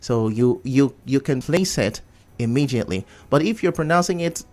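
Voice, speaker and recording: A man's voice: medium pitch, animated, moderate pace, darkish tone. A man with a Nigerian accent, a radio host explaining pronunciation in a talk show discussion.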